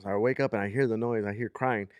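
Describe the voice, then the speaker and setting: Low-voiced rambling male storyteller. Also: fast, smooth, no echo. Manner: rambling, animated storyteller with many fillers. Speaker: podcast host. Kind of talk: casual storytelling chat.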